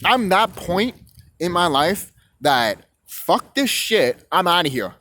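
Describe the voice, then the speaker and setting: Young male vlogger with a high, lively voice; profane, rambling rant. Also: slow pace, dry recording. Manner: rambling, cursing, repeating himself.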